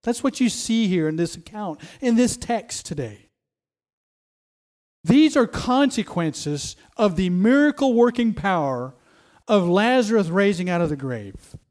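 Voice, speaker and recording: A man's voice: high voice, big pitch swings, a little slow, a little mellow. A man preaching a sermon, emphatic, often repeating phrases and restarting as he stresses a point.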